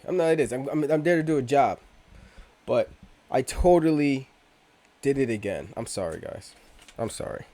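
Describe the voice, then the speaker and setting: A man with a medium-pitched, slightly mellow voice hosts a casual crypto video. He rambles and swears, often cutting himself off mid-thought with slang, in loose vlog-style talk.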